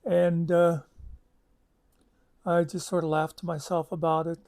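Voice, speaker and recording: Brief: male storyteller, rambling and chatty, slightly higher pitch. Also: flat delivery, unhurried, creaky, a little mellow. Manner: rambling, chatty, with many asides and fillers. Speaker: channel host. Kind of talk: casual storytelling.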